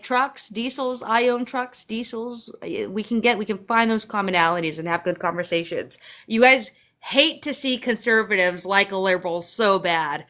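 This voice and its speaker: A woman's voice: mid-range voice, bright, forceful tone. Chatty young woman on a livestream. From Central Texas. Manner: chatty, sarcastic, swears casually. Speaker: livestream host. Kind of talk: casual livestream chat reading viewer comments.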